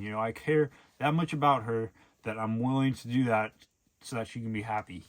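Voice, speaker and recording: A man's voice: mid-range voice, fairly even intonation, a little fast. Rambling man in a personal vlog. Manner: rambling, filler-heavy, earnest. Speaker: vlogger. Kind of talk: casual personal vlog monologue.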